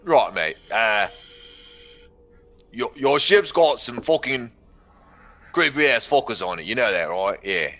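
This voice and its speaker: A man's voice: medium pitch, sing-song, a little slow, long pauses, a bit bright, highs cut off, soft background music. A man voicing a brash human gunman who swears and asks blunt, cheeky questions. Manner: crude slang and swearing, keeps asking blunt questions.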